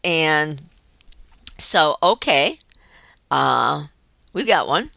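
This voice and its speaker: Older woman, show host, chatty storyteller, low voice, bright sharp tone. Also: very slow, gravelly, no echo. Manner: chatty, animated storyteller acting out quoted voices. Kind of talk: personal storytelling monologue.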